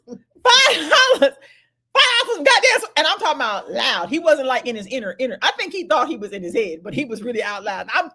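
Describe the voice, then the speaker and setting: Woman, rapid talker, slightly high voice, animated storyteller, casual chat. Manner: animated storytelling, laughing, loud retorts. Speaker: podcast co-host.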